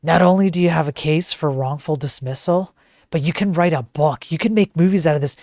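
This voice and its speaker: A man's voice: fairly high pitch, a little fast, a little mellow, no echo, clean studio sound. A man hosting a streamed commentary show, talking in a sarcastic, joking way. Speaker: host.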